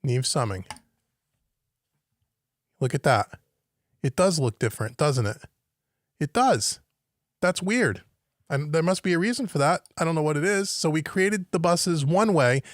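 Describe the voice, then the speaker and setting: A man with a fairly high, expressive voice goes a little slowly, leaving long pauses as he teaches home recording on a live stream. Thinking aloud in his home studio, he puzzles over the screen, and the studio-quality audio has no room sound.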